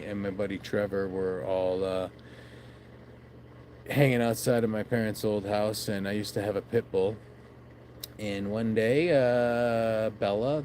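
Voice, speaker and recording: A man's voice: lowish voice, warm tone, slight background noise. Rambling man vlogging outdoors at night. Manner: meandering, swears often, laughs at himself. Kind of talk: late-night casual rambling. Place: outdoors at night by his backyard shed.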